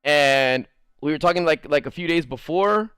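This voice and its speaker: A young man streaming a game while telling a rambling, profane story in a casual, animated way. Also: a little high, normal speed, clear, resonant tone, dry recording, clean studio sound.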